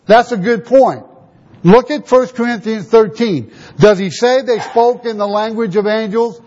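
A male preacher delivers a sermon in a high voice, pressing his points with rhetorical questions he answers himself. The recording is dull and lo-fi. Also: a little slow, darkish tone. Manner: rhetorical questions, emphatic teaching.

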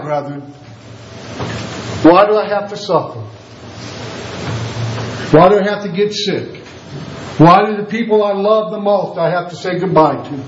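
A man's voice: a bit bright, roomy sound, muffled recording, a little hiss or hum. A man preaching a sermon with passion, firing rhetorical questions and swinging his voice up and down. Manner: impassioned, rhetorical questions, wide swings in pitch.

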